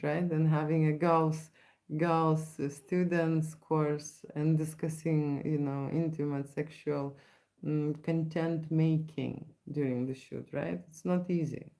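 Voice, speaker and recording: A woman's voice: deep voice, gravelly, dark tone. A woman from Lithuania with a Lithuanian accent, hosting a casual live-stream Q&A as a photographer, rambling and restarting with frequent "right?" tags. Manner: rambling, many restarts and tag questions.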